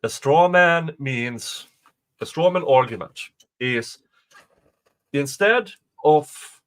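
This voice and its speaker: A man's voice: a little high, expressive, slow, fairly bright tone, low-quality recording. A man giving casual livestream commentary, reading out a court motion with rambling, self-correcting asides and sarcastic remarks.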